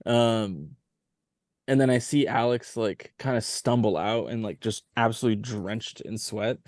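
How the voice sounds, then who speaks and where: A man's voice: on the low side, measured pace, a little mellow, dry recording, studio quality. A man telling a touring story as a podcast guest, rambling with lots of filler words. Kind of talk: casual storytelling chat.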